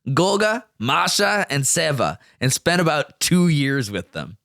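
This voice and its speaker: A man co-hosting a podcast, telling a story in loose, crude chat with plenty of swearing and laughter. His voice sits at an ordinary middle pitch, recorded close on a dry studio mic. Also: sing-song, measured pace, a bit bright, no room sound. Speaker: podcast co-host.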